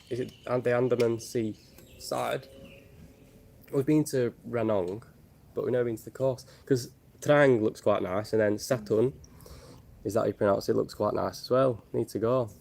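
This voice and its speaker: A man's voice: medium pitch, gravelly, darkish tone. A man from Northern England, chatting casually on a travel livestream and reading out viewer questions with jokes. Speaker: travel vlogger. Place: outdoors in Thailand with birds and geckos around.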